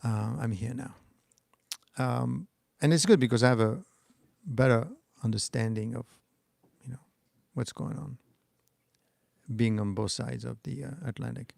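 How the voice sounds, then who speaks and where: Gravelly French-accented man rambling. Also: medium pitch, unhurried, long pauses, a little mellow, no echo, studio quality. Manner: rambling, restarts, talks back to chat comments. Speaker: stock market channel host. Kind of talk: casual livestream commentary, reading chat.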